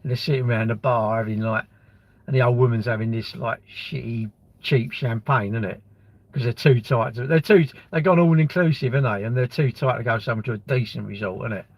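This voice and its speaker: Man, fifties, live streamer, rough husky voice, blunt chatty rambling with crude jokes. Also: medium pitch, fairly quick, dry recording. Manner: rambling, blunt banter with swearing, answers chat comments. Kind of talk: casual live-stream chat.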